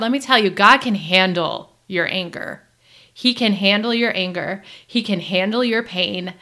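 Woman on a faith podcast, really bright voice, says like a lot, earnest. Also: medium pitch. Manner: casual, lots of "like", earnest. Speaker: podcast co-host.

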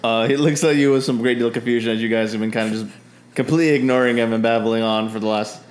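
A man's voice: medium pitch, steady tone, quick pace. A man narrating as game master of a tabletop game, rambling with frequent fillers.

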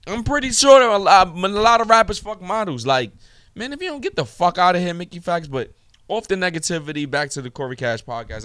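A man's voice: medium pitch, a bit bright, clean tone, dry recording, studio quality. A young man hosting his own podcast alone, ranting in a profane, heated, swaggering way. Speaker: podcast host. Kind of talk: solo podcast rant.

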